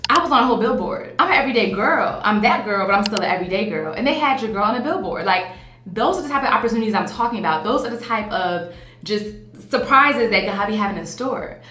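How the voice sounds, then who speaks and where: A woman, talking to camera in a chatty, animated, playful vlog style. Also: mid-range voice, fast, echoey room. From Virginia, USA. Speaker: vlogger. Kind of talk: casual vlog talk to camera. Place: hotel room on vacation.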